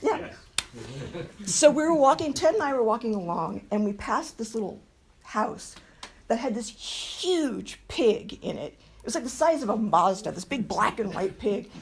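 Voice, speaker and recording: A woman's voice: a little high, big pitch swings, normal speed, slight background noise. A woman speaking at a memorial, telling affectionate, funny stories and laughing often as she goes. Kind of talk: humorous anecdote telling. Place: memorial gathering room.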